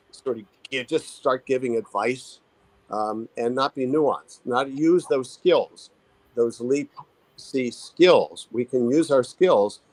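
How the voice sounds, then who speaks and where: A male therapist talking through his ideas in a halting, thoughtful way, full of restarts. His voice sits in an ordinary middle register. The sound is close and dry, with no room around it. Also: medium pitch, no echo, low-quality recording. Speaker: therapist and author, interview guest. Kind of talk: conversational expert interview.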